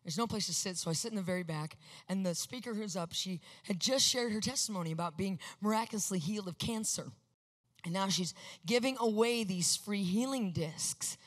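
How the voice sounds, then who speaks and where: A woman giving an animated faith testimony, acting out quotes with sudden shouts and hushed asides. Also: mid-range voice, a little fast.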